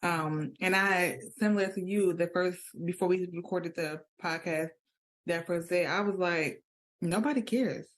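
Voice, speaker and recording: A young adult woman co-hosting a casual podcast chat, laughing often and jumping high when she quotes others. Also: steady tone, measured pace. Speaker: podcast co-host.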